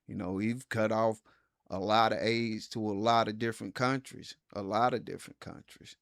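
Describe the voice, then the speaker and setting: Low gravelly halting man. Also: steady tone, fairly bright tone, no room sound, clean studio sound. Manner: halting, many fillers and restarts, measured. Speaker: co-host. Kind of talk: casual political talk show.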